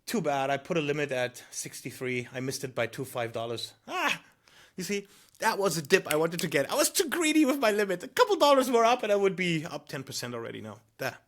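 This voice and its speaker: Male trader-vlogger, lively pitch, pushes viewers with rhetorical 'hmm?' tags and lots of 'you know'. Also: fast. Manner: emphatic, coaching, rhetorical questions with tag 'hmm?'; frequent 'you know' fillers. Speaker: trader giving market commentary. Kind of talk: direct-to-camera advice monologue.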